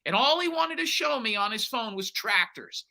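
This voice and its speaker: Blunt, bright-voiced male investigator. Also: very high voice, lively intonation, moderate pace, vocal fry. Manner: blunt, acts out quoted dialogue. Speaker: private investigator. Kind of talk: animated storytelling interview.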